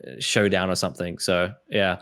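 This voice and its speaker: Animated Australian man telling stories. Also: low-pitched, moderate pace. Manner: animated storytelling, acts out quoted voices. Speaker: podcast host. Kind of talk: casual conversation.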